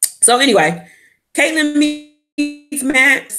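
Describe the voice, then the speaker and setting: A woman's voice: high voice, animated, slow pace, music in the background. A woman giving a candid, opinionated casual recap of a reality show as a vlogger. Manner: candid, opinionated, with quoted asides.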